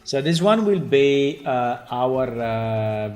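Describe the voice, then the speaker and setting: A man talks loosely on a live stream about developing his game. His pitch sits in an ordinary middle range, and he doubles back and repeats himself often as he reacts. Faint music plays underneath him. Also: lively intonation, slow, few pauses, a little mellow. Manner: chatty, amused, many restarts and repeated words. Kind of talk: casual live-stream commentary.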